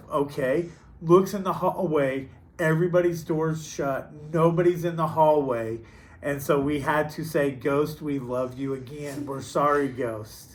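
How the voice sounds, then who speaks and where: Easygoing man recounting school ghost tales. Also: a little high. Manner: easygoing and playful, drawn-out pauses. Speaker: teacher and coach. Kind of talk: casual storytelling.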